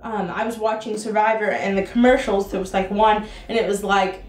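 A woman's voice: medium pitch, fairly even intonation, fairly quick. A young woman chatting casually to her viewers in a rambling vlog, with plenty of fillers. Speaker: vlogger.

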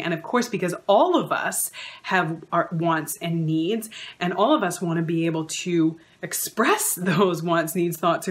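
A woman counsellor giving an earnest advice talk, stringing together lists of repeated phrases. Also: on the low side. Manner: acts out quoted remarks in shifted voices.

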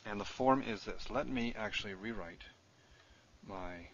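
Low-voiced man teaching a grammar lesson. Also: unhurried, vocal fry, a bit bright, dull audio, slight background noise. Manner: explains step by step while writing on screen. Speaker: Hebrew teacher.

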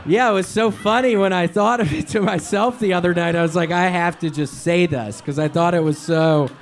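A man doing stand-up comedy and then chatting on a live club stage, talking loosely and breaking into shouts. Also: sits high, a little fast, soft background music. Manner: loud, rambling, breaks into shouts. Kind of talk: stand-up set, then panel chat.

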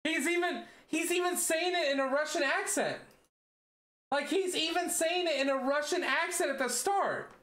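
A man streaming a game, excitable and swearing often as he plays. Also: very high voice, normal speed, reverberant. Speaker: gaming streamer. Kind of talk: let's play commentary.

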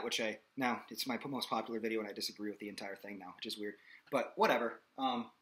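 This vocal coach, a man with a sharp-toned, mid-range voice, gives a casual singing lesson full of explanations and sung demonstrations. He regularly checks in by asking "okay?".

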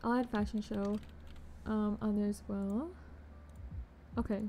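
Chatting casually on a game live stream, a young woman is bubbly and talkative, greeting viewers with pet names. Her mid-range voice has a dark tone and flat delivery at an unhurried pace, with faint background noise behind it.

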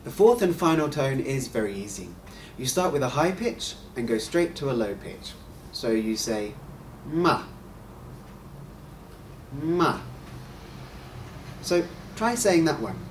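A man hosting a scripted Mandarin lesson, explaining clearly and encouraging the listener to repeat. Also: medium pitch, very animated, a little mellow, recorded from a distance, slight background noise. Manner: clear, encouraging, models sounds slowly. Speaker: host and Mandarin teacher.

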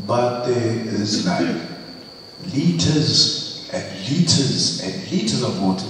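A man preaching a lively church sermon, exclaiming and teasing his congregation. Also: mid-range voice, takes it slowly. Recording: echoey hall, distant mic, faint hiss.

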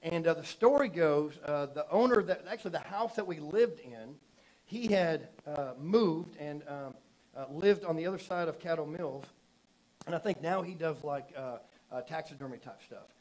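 A man preaching a sermon in a church, telling stories casually and building from soft asides to loud emphatic preaching. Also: a little high, animated, normal speed, rough recording. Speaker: pastor.

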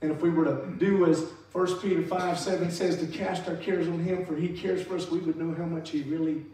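High-voiced man preaching in an echoey church. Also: fairly even intonation, a little fast, slight background noise. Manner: preaching with emphatic rises and soft drops. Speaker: pastor. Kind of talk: sermon. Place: church sanctuary. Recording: echoey church hall, mic far off.

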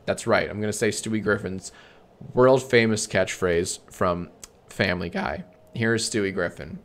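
A man streaming a comedy bit, bantering with himself in a deadpan, sarcastic way and swearing often. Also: on the low side, normal speed.

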